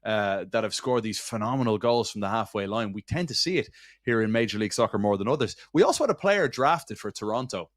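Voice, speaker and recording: A man's voice: fairly low pitch, expressive, fast, dry recording, clean studio sound. A man hosting a soccer talk show, keeping the energy up with teasing banter. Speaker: host. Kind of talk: casual sports chat.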